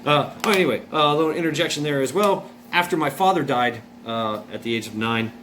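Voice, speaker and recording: A man's voice: a little high, a little fast, fairly bright tone. Rambling man telling a story over AC hum. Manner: rambling, repeats himself, many uh's and restarts; blunt, swears freely. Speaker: vlogger. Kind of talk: casual personal storytelling. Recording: noisy room with air conditioner hum. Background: air conditioning hum.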